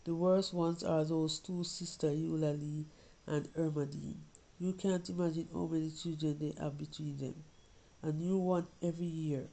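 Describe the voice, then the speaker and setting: Lady reading as a worried young girl pouring her heart out to her mum, low mellow gravelly voice. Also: steady tone, moderate pace, poor audio. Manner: earnest, pleading, confiding. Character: young Jamaican girl writing to her mother, anxious. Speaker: reader of a short story. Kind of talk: storybook reading in a child's voice.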